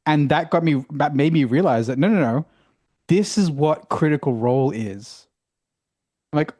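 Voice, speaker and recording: Expressive man, slightly high voice. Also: moderate pace. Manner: expressive, mimics other players. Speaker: podcast co-host. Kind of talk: casual panel chat about tabletop games.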